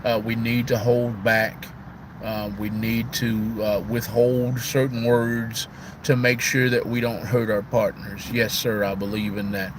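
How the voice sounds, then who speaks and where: A man's voice: medium pitch, flat delivery, unhurried, a little hiss or hum. A heartbroken man on the verge of tears, talking casually on a live stream and repeating "man" and "y'all". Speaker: livestream host.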